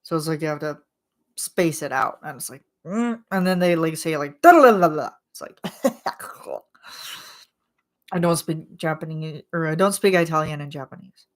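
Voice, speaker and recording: A woman's voice: sits low, normal speed, long pauses. A woman hosting a casual chat vlog, rambling with lots of filler words and frequent laughs. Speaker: channel host.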